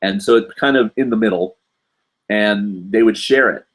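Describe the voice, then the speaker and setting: A man in his forties from the United States hosts a live online show and talks casually with viewers. His voice sits low. He rambles from one aside to the next, with plenty of ums and uhs. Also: moderate pace, breathy edge. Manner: rambling, lots of fillers and asides. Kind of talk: casual live stream chat.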